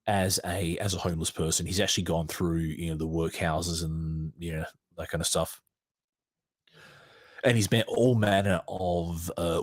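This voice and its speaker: A man's voice: low-pitched, no echo, clean studio sound. A man hosting a podcast, reading a book aloud and then breaking off for casual, rambling commentary. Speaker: podcast host. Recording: noticeable background noise.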